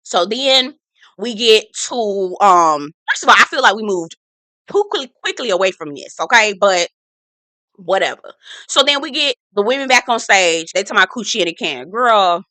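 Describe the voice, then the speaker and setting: A woman's voice: medium pitch, expressive, moderate pace, bright, forceful tone, dry recording. Sassy, profane woman recapping reality TV. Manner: sassy, blunt, profane, exasperated. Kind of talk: casual recap commentary.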